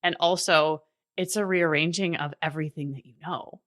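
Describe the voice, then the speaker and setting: A woman's voice: sits low, steady tone, moderate pace, fairly bright tone, no room sound, studio quality. A woman in her thirties hosting a solo coaching podcast, earnest and encouraging, often laughing as she talks. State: briefly emotional.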